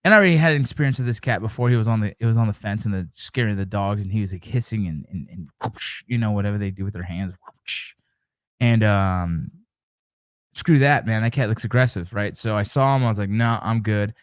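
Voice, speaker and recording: A man's voice: lowish voice, quick pace, no echo. Joking man chatting with his stream. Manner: joking, storytelling, reacting to chat. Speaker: live stream host. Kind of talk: casual live-stream chat with viewers.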